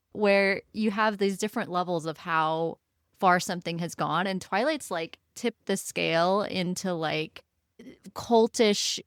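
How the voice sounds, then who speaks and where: A woman hosting a podcast in a casual chat, talking in an animated, rambling way. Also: on the low side, no echo, clean studio sound. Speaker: podcast host.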